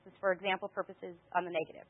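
A woman giving a motivational sales training talk, animated and storytelling, acting out her own conversations. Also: on the low side, racing, phone-quality sound. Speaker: network marketing trainer.

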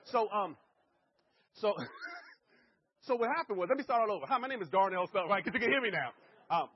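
A middle-aged man giving a live sales presentation, energetic and constantly checking in with his listeners. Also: high voice, fairly quick, breathy edge, dull audio. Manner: energetic, keeps checking in with the audience. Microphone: handheld or stand mic.

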